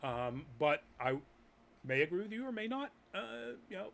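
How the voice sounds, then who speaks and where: Chatty man hosting, fairly high voice. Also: sing-song, normal speed, fairly bright tone. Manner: chatty, many ums and uhs. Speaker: host of a live nerd news show. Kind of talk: casual chat reading news and chat comments. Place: Massachusetts.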